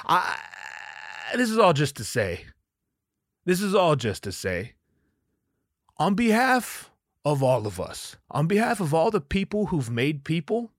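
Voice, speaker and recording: Animated, profane man telling a story. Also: on the high side, unhurried, long pauses, no room sound, clean studio sound. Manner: animated, profane, laughs while telling stories. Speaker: podcast host. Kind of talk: casual storytelling monologue.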